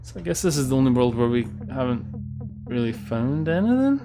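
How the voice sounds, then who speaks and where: A man's voice: medium pitch, sing-song, fairly quick. Sardonic man rambling over game music. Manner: rambling, sardonic, swears often. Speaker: let's play host. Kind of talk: casual gameplay commentary. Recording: game music clear behind voice.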